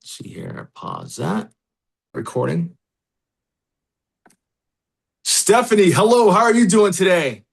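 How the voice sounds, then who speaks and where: A man's voice: high-pitched, big pitch swings, takes it slowly, gravelly, long pauses, slightly rough. A man hosting a podcast, talking loosely and chattily with many fillers. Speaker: podcast host. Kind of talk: casual interview.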